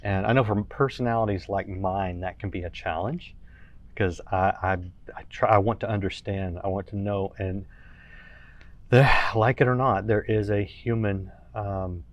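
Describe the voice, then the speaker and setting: A man hosting an interview, asking thoughtful questions in a halting way. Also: fairly low pitch, steady tone, highs cut off. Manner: thoughtful, halting, with many restarts. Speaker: host. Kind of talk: interview conversation.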